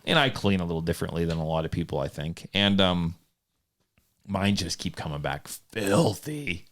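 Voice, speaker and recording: A man's voice: deep voice, lively intonation, normal speed, a bit bright. Laughing, self-mocking male podcast host. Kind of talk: casual chat. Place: home studio.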